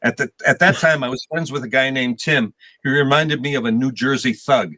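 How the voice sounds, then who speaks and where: A man's voice: mid-range voice, a little fast, bright, forceful tone. A man in his sixties, a guest musician, telling stories in a casual interview with a rambling, self-deprecating manner.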